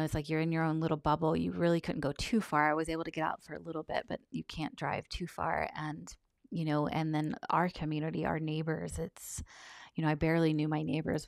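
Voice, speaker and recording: A woman telling a personal story in a soft, halting, reflective way, often close to a whisper and on the verge of tears. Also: sits low, vocal fry, no room sound. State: tearful, on the verge of crying. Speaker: vlogger sharing a personal account.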